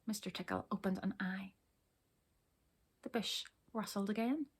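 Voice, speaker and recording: Lady reading a kids' story out loud, lively, asks the kids questions. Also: medium pitch, a little slow, breathy edge. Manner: expressive, asks the listeners questions. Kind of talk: reading a children's storybook aloud.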